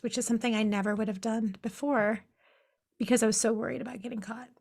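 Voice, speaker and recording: A woman's voice: on the high side, fairly even intonation, quick pace, a little mellow. A woman co-hosting a podcast, talking casually and reflectively and telling anecdotes with frequent laughs. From Pacific Northwest of the US. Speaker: podcast co-host. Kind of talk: casual conversation.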